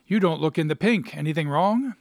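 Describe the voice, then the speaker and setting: A man's voice: on the high side, lively intonation, brisk, gravelly, no room sound. A jovial, breezy married man hands out confident advice in a slightly raised voice, as a male reader puts him on. The sound is dry and close, with no room around it.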